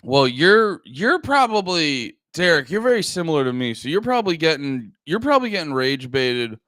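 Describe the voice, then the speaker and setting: A man's voice: a little high, very animated, moderate pace, a bit bright, no echo, studio quality. A man in his thirties from the United States, hosting a casual livestream chat in a rambling, profane way with lots of fillers. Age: 30s. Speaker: livestream host.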